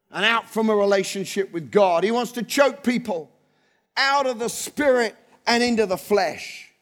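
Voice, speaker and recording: A man's voice: sits high, normal speed, fairly bright tone. A man preaching a fervent sermon as pastor, building his points through rhythmic, repeated phrases. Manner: impassioned preaching with rhythmic repetition.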